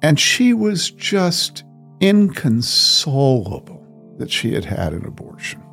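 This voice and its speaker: A man's voice: medium pitch, very animated, slow pace, vocal fry, a bit bright, faint music behind. A man speaking as a pastor, telling a story from his ministry in an earnest, emphatic way and asking rhetorical questions.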